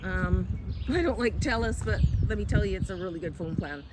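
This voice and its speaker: A woman's voice: mid-range voice, expressive, fairly quick. A middle-aged woman from Canada, chatting in a rambling way with many fillers while walking outdoors and filming on a handheld phone. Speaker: vlogger. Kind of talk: casual chat while walking. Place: outdoors on a neighborhood road. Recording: loud outdoor background noise.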